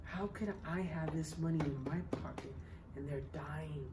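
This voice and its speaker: A woman voicing an earnest, devout young male missionary who speaks quietly and with resolve. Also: sits low, moderate pace, noisy background, pitched below the performer's own voice, lightly acted.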